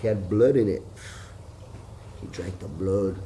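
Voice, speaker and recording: A man's voice: a little slow, slight background noise. Profane, rambling middle-aged man. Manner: profane, repetitive and excitable, swinging between loud outbursts and low mutters. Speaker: vlogger. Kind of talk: rambling personal monologue.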